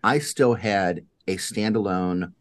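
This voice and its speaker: A man's voice: lowish voice, slow. A middle-aged man co-hosting a podcast, chatting casually and filling his sentences with "you know". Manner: relaxed, conversational, many "you know" fillers. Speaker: podcast co-host. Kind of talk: casual chat.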